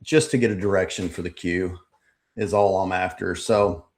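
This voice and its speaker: A man hosting a live trading stream, walking through charts in a relaxed, rambling way with frequent ums. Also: low voice, moderate pace. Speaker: trading channel host. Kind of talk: casual live market recap.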